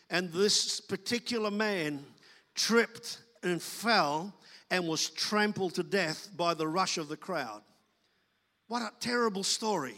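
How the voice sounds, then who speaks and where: Speaking to his congregation, this man preaches a sermon as pastor, keeping things loose and conversational and voicing the people he quotes. His voice sits high with a sharp tone, and the sound carries through a large room.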